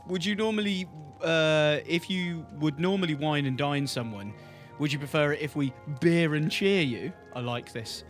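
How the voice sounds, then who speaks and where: A man's voice: on the high side, normal speed, faint music behind. A man co-hosting a live stream in friendly casual chat, laughing often and reacting to viewers. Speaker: co-host of a live-streamed tavern show.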